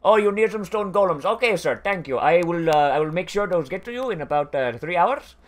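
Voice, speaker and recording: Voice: mid-range voice, expressive, brisk, lightly acted. A speaker voicing a bored male call-center operator with an Indian accent and polite, scripted patter. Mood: bored politeness.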